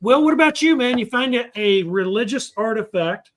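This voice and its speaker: A man hosting a casual group chat over a card game, joking and teasing loudly. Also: extremely high pitch, lively intonation. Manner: joking, loud teasing, quick to laugh. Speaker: host.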